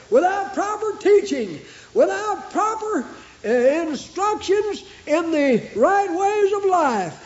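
A man preaching a sermon with fervent, rhythmic repetition that rises into shouts. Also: very high voice. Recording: echoey, dull lo-fi recording.

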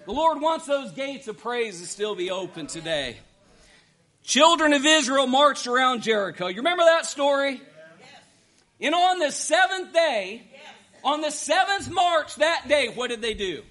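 A man preaching a sermon, swinging between hushed asides and shouted exhortation, asking the congregation rhetorical questions. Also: very high voice, very animated, a little slow.

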